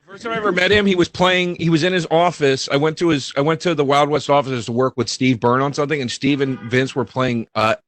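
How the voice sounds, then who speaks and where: A man telling a story in casual chat, animated and acting out quotes. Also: fast talker, hardly any pauses. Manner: animated, acts out quotes in high voices.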